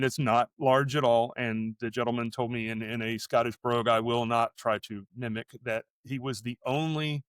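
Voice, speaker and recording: A middle-aged American man talking as a podcast co-host, drifting through a rambling story in easy conversation. His voice sits at an ordinary pitch and sounds close and dry, with almost no room around it. He stops and restarts his sentences as he goes. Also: no room sound. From United States. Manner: rambling, self-interrupting storyteller. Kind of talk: casual chat.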